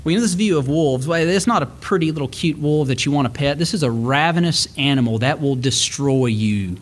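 Man preaching a folksy sermon. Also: fairly high pitch. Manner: reads scripture slowly, then shifts into quick folksy asides. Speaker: pastor.

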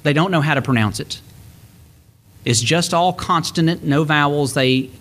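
A man's voice: on the high side, moderate pace, a bit bright. A man preaching a conversational sermon, mixing scripture quotes with stories from home.

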